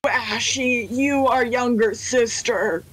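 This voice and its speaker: Sleepy, slow-talking woman. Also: fairly high pitch, poor audio. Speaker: co-streamer guest. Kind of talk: casual chat.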